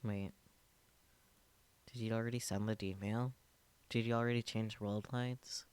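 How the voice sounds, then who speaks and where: An earnest young woman scientist pressing with worried questions, read by a man in a low, plain voice. She sounds much like the reader himself. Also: fairly even intonation, a little slow, a little mellow, clean tone, lightly acted. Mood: pleading. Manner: pleading, questioning. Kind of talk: reading a visual novel aloud on stream.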